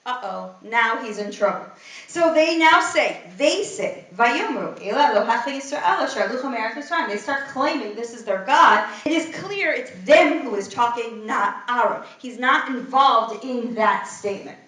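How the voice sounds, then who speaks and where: Lively woman teacher with a high, bright voice, asking the class questions, captured from far off in an echoey room. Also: unhurried. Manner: animated, asks the class rhetorical questions. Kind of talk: text study class.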